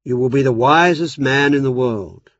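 A man's voice: mid-range voice, normal speed, a bit bright, no echo, natural voice. A man voicing a cool, self-assured goddess of wisdom. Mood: confident. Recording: dry, slightly dull recording.

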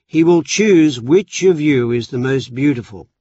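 A man's voice: mid-range voice, animated, unhurried, mellow, no room sound, far from the mic. A man voicing a mighty, irritable male king of the gods who barks orders. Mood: exasperated. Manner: commanding, exasperated. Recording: dry, slightly dull recording.

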